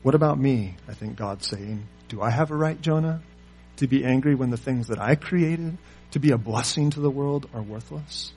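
Husky-voiced male preacher asking questions. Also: mid-range voice, normal speed, faint music behind. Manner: preaching with rhetorical questions, swinging between loud emphasis and quiet asides. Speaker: pastor. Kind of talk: sermon.

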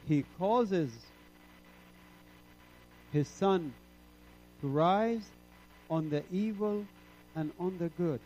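A man from the Middle East preaching his own testimony in an impassioned sermon style. He is emphatic, dropping low and soft, then climbing to loud peaks. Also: takes it slowly, pauses often, dull audio, a little hiss or hum.

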